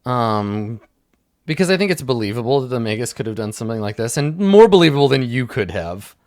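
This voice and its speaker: A man's voice: medium pitch, big pitch swings, fairly quick, darkish tone. A man narrating a tabletop game as game master, rambling and hesitant, full of fillers.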